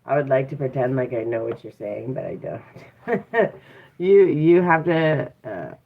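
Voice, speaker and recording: A woman's voice: extremely low pitch, animated, unhurried, gravelly. A woman hosting a casual live stream, chatting with viewers and laughing often. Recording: tinny phone-like audio.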